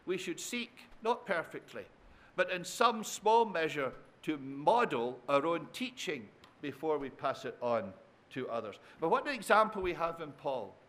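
A man's voice: on the high side, very animated, measured pace, fairly bright tone. A man preaching a sermon, repeating phrases for effect, asking the congregation tag questions and calling them his dear friends. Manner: addresses listeners as dear friends.

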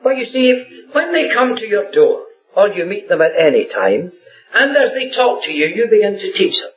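A man's voice: high voice, big pitch swings, normal speed. A man preaching a sermon in an earnest way, often repeating phrases for emphasis. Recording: dull lo-fi recording with faint music.

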